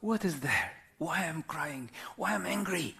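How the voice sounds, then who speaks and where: Slow, lively man in his fifties. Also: on the high side, gravelly. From Turkey. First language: Arabic. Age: 50s. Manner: slow, philosophical, checks in with listeners; non-native English with simple grammar. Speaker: whirling dance teacher. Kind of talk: reflective live talk.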